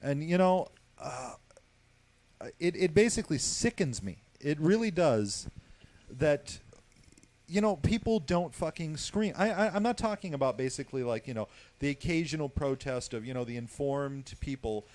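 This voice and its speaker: A man's voice: on the high side, animated, moderate pace, a little mellow. A man hosting a casual talk show, talking in a heated, profane way and leaning on the word "basically.". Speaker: host.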